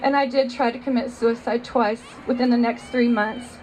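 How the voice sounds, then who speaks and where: High-voiced woman giving earnest testimony. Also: steady tone, normal speed, a little mellow, slight background noise, rough recording. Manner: earnest, emotional storytelling. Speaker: speaker giving a personal testimony. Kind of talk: personal testimony speech.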